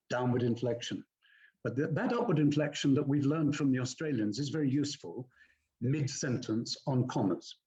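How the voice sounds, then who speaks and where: An older man, an audiobook narrator, explaining his craft in a measured, courteous, articulate way. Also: mid-range voice, lively intonation, mellow, low-quality recording. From England. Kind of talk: interview answers, explaining narration technique.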